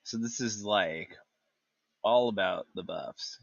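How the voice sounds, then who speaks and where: Guy w a bright punchy voice reading off game tooltips, tripping on names, dry close mic kinda muffled. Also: lowish voice, vocal fry, no room sound. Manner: reads tooltips haltingly, stumbles on names. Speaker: gaming podcast host. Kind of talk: casual chat reading game talents aloud.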